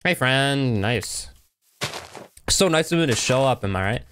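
A man's voice: medium pitch, lively intonation, unhurried, a bit bright, slight background noise. A young man giving casual, rambling commentary while playing a block-building game, talking to himself as he goes. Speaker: gaming YouTuber. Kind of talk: casual Minecraft let's play commentary.

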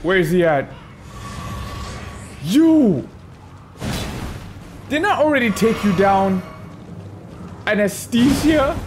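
A man's voice: high-pitched, sing-song, slow, long pauses, faint music behind. A man giving casual, playful commentary while gaming, talking back to enemies and chuckling as he goes. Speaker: gaming video creator.

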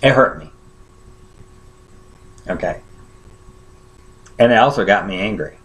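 A man's voice: on the low side, expressive, slow pace, a bit bright. A man preaching a sermon, telling a personal story in a conversational way and often checking in with his listeners.

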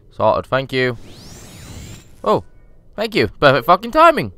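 Cheeky young male let's-player; animated, bright delivery, curses freely. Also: mid-range voice, measured pace. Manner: sweary, cheeky, chatty. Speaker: gaming YouTuber. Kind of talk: casual let's-play commentary.

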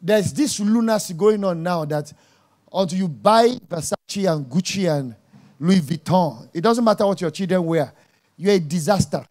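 A man preaching a sermon, emphatic and jabbing, dropping to quiet asides and rising to loud exclamations. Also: sits high, moderate pace.

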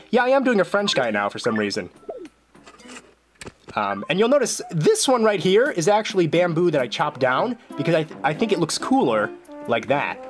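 A young man giving casual, jokey commentary over a video game as host of his video journal. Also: on the high side. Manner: playful, jokey, animated exclamations.

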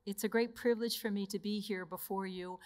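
A woman's voice: mid-range voice, fairly even intonation, fairly quick, a little mellow. A woman religious sister gives a conversational retreat talk, telling personal stories and laughing between them.

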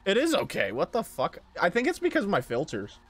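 A man's voice: sits high, huge pitch swings, fairly quick, a bit bright, husky. Man, gaming livestream, casual chat with viewers, profane, joking. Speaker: livestream gamer.

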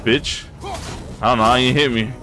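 A man playing a video game and commenting live, cursing and shouting at hits, with slangy laid-back banter in between. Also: medium pitch, steady tone, normal speed. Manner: profane, loud exclamations at in-game hits. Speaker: gaming channel host. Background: game music.

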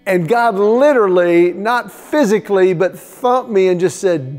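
Hosting a brief devotional segment, a middle-aged man with a high-sitting voice recounts a family story at a moderate pace with few pauses. He acts out the dialogue in lively voices and softens to a hushed tone for reflection, over soft background music.

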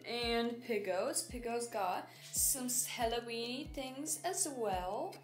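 A woman's voice: fairly high pitch, takes it slowly, few pauses, over music. Chatty teen girl in an echoey room. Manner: chatty and upbeat, showing off decorations. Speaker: vlogger. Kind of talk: casual vlog narration. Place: bedroom.

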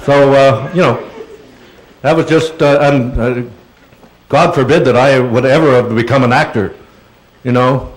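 In a large auditorium, a male guest speaker gives a talk and fields questions, chatting, rambling, and calling listeners "dear." He's a little slow and pauses often, with a steady medium-pitched tone, captured on a low-quality recording.

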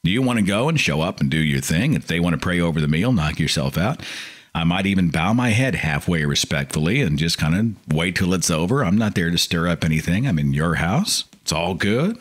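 Guy hosting a call-in podcast, low voice that swings all over, chatty and animated. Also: a little fast. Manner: animated, mocking impressions of pious relatives. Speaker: podcast host. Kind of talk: casual call-in show monologue.

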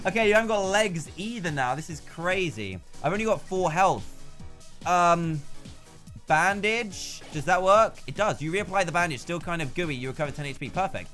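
Excitable man narrating a game. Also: a little high, a little fast, soft background music. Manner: excitable, exclaiming, chatty. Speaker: gaming YouTuber. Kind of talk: let's play commentary.

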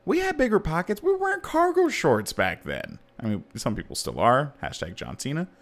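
Man, 30s, podcast host, casual chat, very lively pitch, jokey. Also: a little fast. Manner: animated and jokey, voice leaping up for emphasis.

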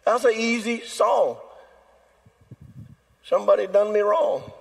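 A male pastor preaches a sermon in a notably high voice. His tone is husky and breathy, and he acts out quoted voices with drama. The sound rings with long reverb from the church sanctuary. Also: steady tone, takes it slowly.

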